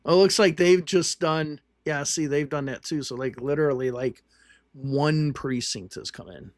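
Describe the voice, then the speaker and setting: A man with a high voice rambles through election returns, restarting his sentences as he goes. The sound is close and dry, with no room around it, and he talks like a host chatting on a livestream. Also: normal speed, no echo. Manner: rambling, restarts, thinks aloud while reading results. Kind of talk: casual live commentary on election results.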